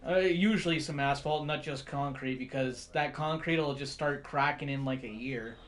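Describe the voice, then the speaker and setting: A man's voice: medium pitch, moderate pace. A man, chatting casually as a streamer, rambling, swearing constantly and laughing often. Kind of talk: casual chat.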